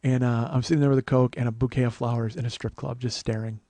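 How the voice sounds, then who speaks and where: A man in his forties telling a long personal story as host, profane, animated and self-mocking. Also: mid-range voice, quick pace, no echo. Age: 40s. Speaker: podcast host.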